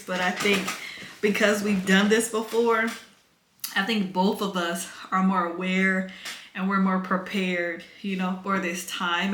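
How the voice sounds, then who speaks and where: A woman's voice: medium pitch, fairly bright tone, echoey room, slight background noise. Chatty, emotional pregnant woman vlogging. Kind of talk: casual chat to camera. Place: home, eating dinner.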